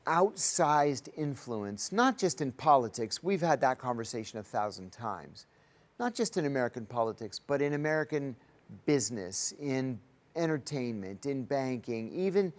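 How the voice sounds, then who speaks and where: A man's voice: mid-range voice, a little mellow. A man hosting a studio talk show, earnest, with rising emphasis as he makes his points. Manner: earnest, rising emphasis, acts out quoted voices. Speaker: host.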